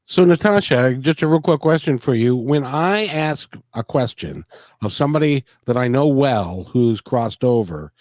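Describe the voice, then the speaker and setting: A man's voice: mid-range voice, lively intonation, moderate pace, a little mellow, no echo, clean studio sound. A man asking a panelist a question in a curious way, with hesitant restarts, during a panel discussion.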